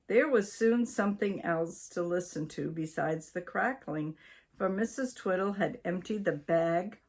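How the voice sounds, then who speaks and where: Older woman storyteller, unhurried read-aloud, slightly low voice. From Maine, USA. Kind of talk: reading a children's story aloud.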